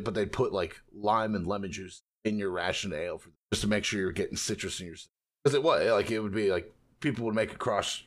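A man in casual podcast chat, retelling a comic story with lots of swearing and quick bits of character voices. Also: on the low side. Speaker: podcast co-host.

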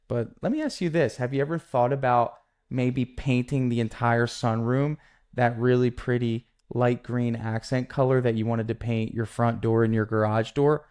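A young adult man hosting a solo podcast, telling a sales story in a lively, casual way and acting out quick bits of dialogue. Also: medium pitch, smooth. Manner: animated, acts out customer dialogue in quick quotes. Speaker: podcast host, painting contractor.

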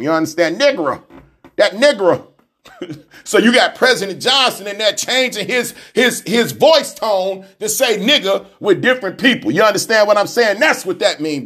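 Male radio host with a fairly high voice who reads aloud, repeats lines and preaches to his listeners. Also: lively intonation, normal speed, pushed and bright. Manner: repeats lines, calls out to listeners with "y'all", "family" and "brothers and sisters". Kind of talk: reading aloud and commenting, preachy radio talk.

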